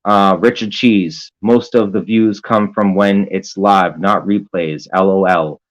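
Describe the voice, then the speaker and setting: A man's voice: low voice, steady tone, slow, low-quality recording. Rambling man reading chat aloud. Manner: rambling and hesitant, full of fillers and profanity. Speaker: live streamer. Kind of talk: casual live-stream chat, reading viewer comments aloud.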